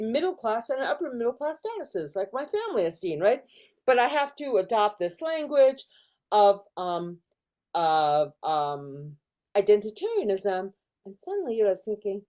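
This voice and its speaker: A woman's voice: a little high, darkish tone. A middle-aged woman professor talking in an interview over a video call, thoughtful, with many fillers and restarts. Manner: thoughtful, lots of fillers and restarts, acts out quoted voices. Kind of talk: casual academic discussion. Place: in California.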